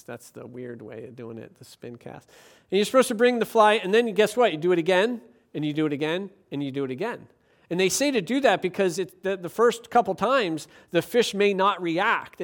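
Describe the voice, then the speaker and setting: A pastor delivers a sermon, mixing scripture reading with playful stories. His voice sits high for a man, and he moves from hushed asides to loud, punchy lines. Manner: animated, jokey storytelling, swings from quiet to loud. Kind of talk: sermon with Bible reading and jokes.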